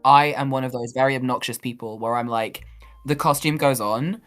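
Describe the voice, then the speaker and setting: A woman's voice: extremely low pitch, fairly even intonation, a little fast, soft background music. A woman guest on a podcast, talking in a chatty, self-deprecating way and acting out quotes. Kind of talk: casual chat.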